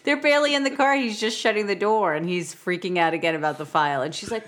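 A woman's voice: mid-range voice, fast, hardly any pauses, a bit bright. A woman co-hosting a podcast, casually recapping a film's plot and quoting its characters. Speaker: podcast co-host. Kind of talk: casual film discussion.

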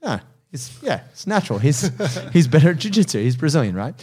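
A man's voice: fairly high pitch, sing-song, brisk, warm tone, slightly rough. A man hosting a casual podcast, talking animatedly about jiu-jitsu coaching, laughing often and swearing casually.

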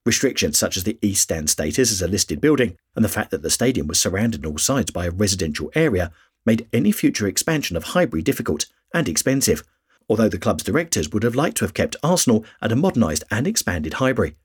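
Male podcast host, scripted history narration, raspy voice, animated intonation. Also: fairly low pitch, fast talker.

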